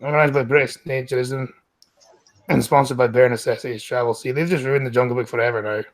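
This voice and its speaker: A man's voice: mid-range voice, fairly even intonation, fast. A Scottish man reading news stories aloud on a stream, breaking off with blunt, profane, mocking remarks. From Scotland.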